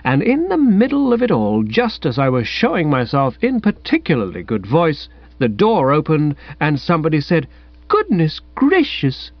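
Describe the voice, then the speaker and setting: A man's voice: fairly high pitch, huge pitch swings, moderate pace, hardly any pauses, dry recording. A man narrating a comic story in the first person with an airy, wry manner. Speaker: audiobook narrator. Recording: dull, dry, lo-fi sound.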